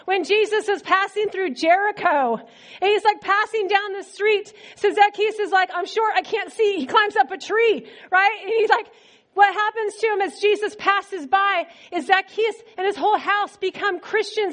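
A woman preacher giving a sermon in a conversational, animated storytelling manner. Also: very high voice, normal speed.

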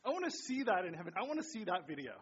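Bright, husky-voiced man preaching. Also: high voice, big pitch swings, racing. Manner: chatty, lots of "right?" and "you know". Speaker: pastor. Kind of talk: sermon. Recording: dull lo-fi sound.

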